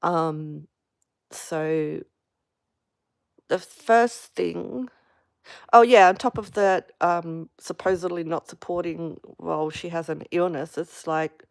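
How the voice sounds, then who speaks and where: A woman with a low voice vents frankly in a casual live personal vlog. She talks slowly and haltingly, with many fillers and restarts. The sound is dry and close. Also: vocal fry, dry recording. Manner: frank, venting. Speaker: vlogger on a live stream.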